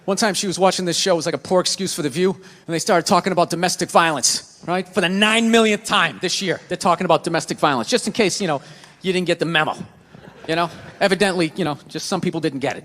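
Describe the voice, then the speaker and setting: A man with a Boston accent doing a stand-up comedy set, ranting sarcastically and swinging from low mutters to yelled bits. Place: comedy club stage. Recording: reverberant venue with crowd laughter. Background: audience laughter.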